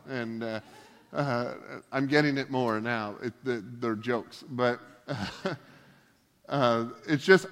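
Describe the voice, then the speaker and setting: A male pastor giving a casual sermon, full of joking, self-deprecating asides. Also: mid-range voice. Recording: long hall reverb.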